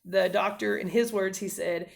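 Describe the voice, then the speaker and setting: Woman, thirties, gravelly voice, earnest rambling family vlog storytelling, lots of ums and restarts. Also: medium pitch, fairly even intonation, normal speed. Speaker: mother and family vlogger. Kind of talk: casual storytelling to camera.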